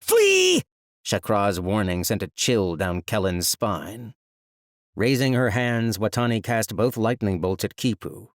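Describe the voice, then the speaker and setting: A man narrating a fantasy audiobook in a measured, even storytelling manner, recorded close on a studio mic. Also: on the low side, dry recording.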